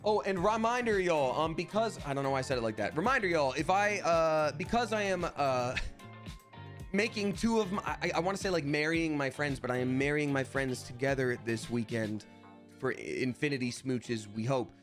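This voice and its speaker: A man's voice: mid-range voice, normal speed, fairly bright tone, soft background music. A man streaming live, chatting casually in a playful, rambling way and reading viewers' names aloud. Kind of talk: casual livestream chat.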